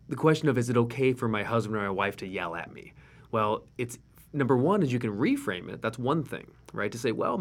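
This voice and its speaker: A man co-hosting a casual podcast chat, walking through examples and acting out what people might say. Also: mid-range voice. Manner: conversational, acts out examples in quoted voices. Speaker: co-host.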